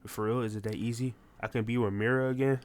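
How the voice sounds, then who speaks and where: A man reading the lines of a young male comic hero, grim and determined, in his own low voice. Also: fairly even intonation, fast, lightly acted. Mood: longing.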